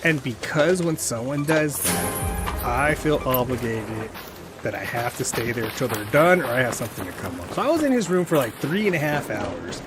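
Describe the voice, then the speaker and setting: A man live-streaming a game, chatting with viewers and shouting and yelping at the action. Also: mid-range voice, expressive, moderate pace, music in the background. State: slightly dry throat. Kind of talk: casual chat while playing a game live. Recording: loud game noise behind.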